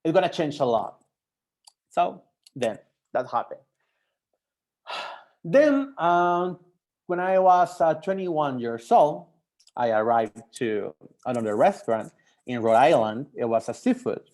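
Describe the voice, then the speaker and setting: A young man from Mexico with a Mexican accent, a French teacher whose first language is not English, giving a personal talk to language learners in halting English full of restarts and fillers. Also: a little high, sing-song, a little mellow. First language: Spanish.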